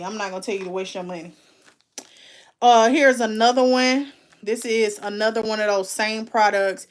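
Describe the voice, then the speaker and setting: A woman, chatting casually and candidly as she unboxes and reviews makeup, calling her viewers "baby" and "y'all". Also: medium pitch. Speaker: beauty vlogger.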